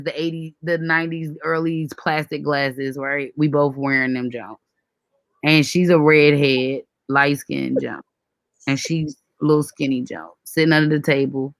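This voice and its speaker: A woman's voice: deep voice, no echo. A woman in her forties hosting a casual chat, telling a family story with lots of laughter and acted-out quotes. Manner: animated, acts out quoted voices, laughs often. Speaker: host.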